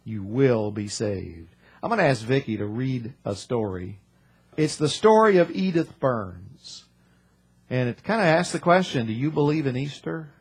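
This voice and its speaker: A man preaches as a pastor in a husky voice. He slows down and repeats key phrases to drive a point home. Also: mid-range voice, sing-song. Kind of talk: sermon.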